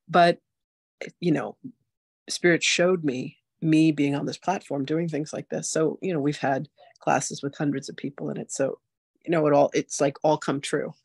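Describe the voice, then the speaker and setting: A woman in her sixties hosting a spiritual masterclass, telling her story in a chatty, animated way full of "like" and "you know". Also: deep voice, a little slow, creaky, breathy edge, dry recording, clean studio sound. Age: 60s. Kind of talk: casual personal storytelling.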